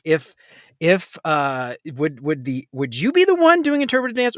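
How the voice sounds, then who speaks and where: A man hosting a casual live Q&A, joking and laughing often as he runs through quick questions. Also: fairly high pitch, a bit bright, dry recording, studio quality. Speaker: host.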